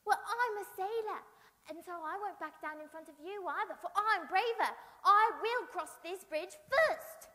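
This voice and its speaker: A woman's voice: very high-pitched, normal speed, pushed and bright, pitched above the performer's own voice. A woman voicing a sassy, bossy little girl who taunts and brags. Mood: taunting. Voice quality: taunting, haughty. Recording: reverberant hall.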